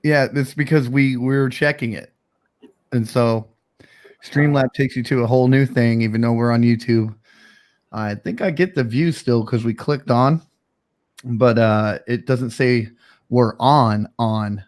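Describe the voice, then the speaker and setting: A man's voice: medium pitch, a little slow, a little mellow. Chill guy streamer rambling thru a story, uh's everywhere, ordinary middle voice. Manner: rambling, laid-back storytelling with frequent fillers. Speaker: streamer host. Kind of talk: casual livestream chat.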